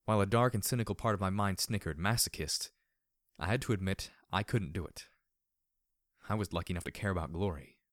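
A man's voice: low-pitched, fast talker, dry recording. A man reading first-person fiction aloud as an audiobook narrator, reflective with a dry, sardonic edge.

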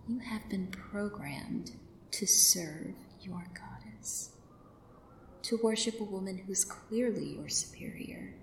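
A woman in a commanding yet soothing whispered role-play, drifting between a soft voice and a whisper. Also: on the low side. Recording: roomy echo, faint background hiss.

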